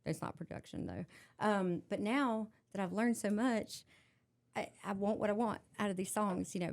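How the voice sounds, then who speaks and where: A woman's voice: on the low side, darkish tone. A woman singer with a Southern US accent, tipsy and chatting as a podcast guest, laughing often and swearing freely. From North Carolina, US. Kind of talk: casual chat.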